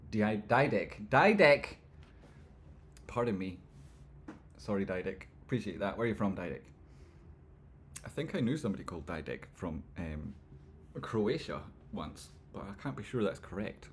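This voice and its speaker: A man hosts a casual livestream with a slightly low voice, joking and rambling as he reads out viewer messages. He hops quickly between silly banter and market analysis in a loose, chatty way. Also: lively intonation, a little hiss or hum. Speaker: livestream host. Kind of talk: casual livestream chat reading viewer comments.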